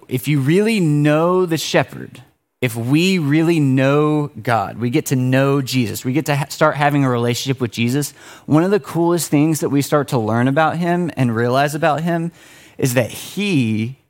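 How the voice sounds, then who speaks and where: With a mid-pitched voice, a pastor gives a casual sermon, telling stories animatedly and frequently breaking off to restart his sentences.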